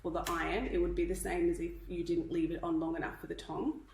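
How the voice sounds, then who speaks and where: A woman's voice: lowish voice, little pitch movement, fast talker, vocal fry, a little mellow, reverberant, slight background noise, low-quality recording. A woman from Australia teaching hairstyling in a live tutorial, chatty and instructive, a little out of breath. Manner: chatty, instructive, checks in with "okay?". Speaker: hairdressing educator.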